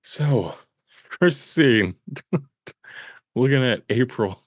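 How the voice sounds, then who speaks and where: A man's voice: mid-range voice, animated, very slow, dry recording. A man co-hosting a casual podcast, hesitant and laughing, with many ums. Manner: hesitant, laughing, full of fillers. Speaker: podcast co-host.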